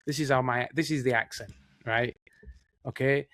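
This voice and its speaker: A man's voice: mid-range voice, steady tone, moderate pace, no echo, clean studio sound. A man with a Northern English accent, co-hosting a casual film chat, rambling and chatty with lots of "mate". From Northern England. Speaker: co-host, film production assistant.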